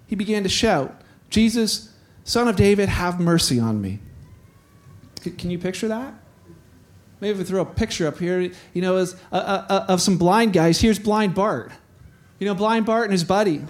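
A male pastor with a high voice gives a relaxed, chatty sermon. He acts out the story himself, slipping into different characters' voices as he goes. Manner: conversational, voices characters in dialogue. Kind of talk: sermon with acted-out scenes.

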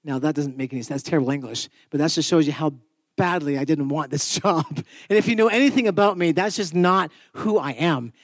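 A man preaching a sermon in church, telling a story with humor and sudden jumps in pitch and volume. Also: fairly quick, no room sound, studio quality.

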